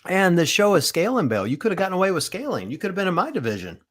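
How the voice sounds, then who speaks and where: This man, co-hosting a podcast, keeps things casual and self-mocking as he talks. His voice is high, swings hugely in pitch, and races along.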